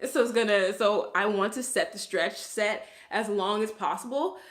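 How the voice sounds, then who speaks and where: A young curly hairstylist from Brooklyn, New York, chats casually through a hair tutorial in a Brooklyn accent, full of "like"s and frequent laughs. Her voice is mid-range at a moderate pace, and the sound is roomy.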